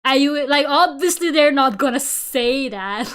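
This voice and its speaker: A woman in her twenties chatting casually on a live stream, giggly and animated as she tells stories. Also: sits high, a little slow. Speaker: VTuber streamer.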